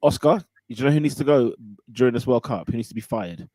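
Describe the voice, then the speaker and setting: A man's voice: medium pitch, animated, quick pace, warm tone, no room sound. A man hosting a casual football podcast, laughing often as he runs through the scores. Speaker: podcast host.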